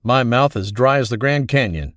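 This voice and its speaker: A man's voice: mid-range voice, lively intonation, moderate pace, a bit bright, dry recording, studio quality, natural voice. A man voicing a cocky, sarcastic captive who jokes flippantly with his captors. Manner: joking, flippant.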